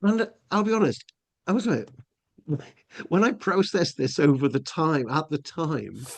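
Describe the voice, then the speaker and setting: A man's voice: a little high, expressive, a little slow, gravelly. A middle-aged English man telling a long personal story as a podcast guest, rambling with lots of restarts and fillers. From England. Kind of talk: casual storytelling.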